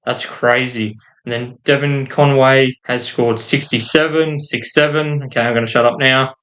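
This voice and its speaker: A man's voice: medium pitch, steady tone, normal speed, fairly bright tone. A man giving casual commentary while reading out game results, stumbling over names and making self-deprecating asides. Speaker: gaming YouTuber.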